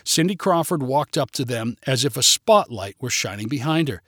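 Lively, expressive male storyteller. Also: mid-range voice, normal speed, dry recording, studio quality. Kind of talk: reading a humorous short story aloud.

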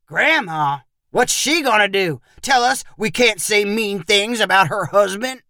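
A woman's voice: mid-range voice, lively intonation, unhurried, bright, forceful tone, dry recording, studio quality, voice pushed up. A woman voicing a rowdy male ranch visitor who taunts and mocks in a storybook reading. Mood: mocking. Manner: taunting, laughing.

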